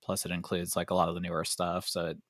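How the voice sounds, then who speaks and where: A man's voice: low-pitched, monotone, quick pace, no echo, clean studio sound. A man who plans vacations, chatting as a guest with enthusiasm and restarting his sentences. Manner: enthusiastic, sentimental, stammers on starts. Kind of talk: casual podcast chat.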